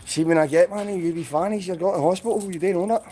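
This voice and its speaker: A man's voice: high voice, fast talker, dark tone. A man with a Scottish accent, ranting and swearing as he streams, mocking people he is angry at. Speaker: livestreamer. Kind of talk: profane livestream rant.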